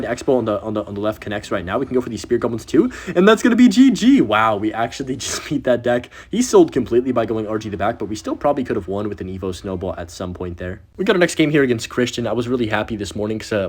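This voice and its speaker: A young man giving excitable gameplay commentary while he plays, talking to himself and to viewers. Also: fairly low pitch. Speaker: gaming video creator.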